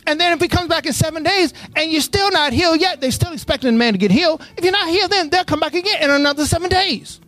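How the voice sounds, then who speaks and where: With soft music in the background, a preacher with a very high voice talks fast and barely pauses. In this church sermon, the preacher reads scripture, prompts the congregation to fill in the missing words, and builds from steady Bible reading into passionate, call-and-response preaching.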